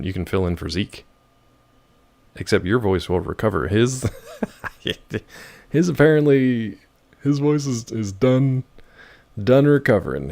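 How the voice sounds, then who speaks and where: A hoarse man chatting casually and joking with viewers while he plays a video game. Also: lowish voice, darkish tone. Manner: joking, rambling, chats with viewers. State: hoarse from yelling. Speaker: gaming streamer. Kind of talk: casual gameplay commentary.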